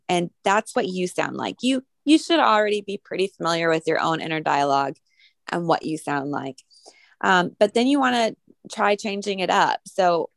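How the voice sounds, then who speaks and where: A woman's voice: on the low side, gravelly, no room sound. A woman co-hosting a spiritual podcast, explaining an exercise in a rambling, casual way with many fillers. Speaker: podcast co-host.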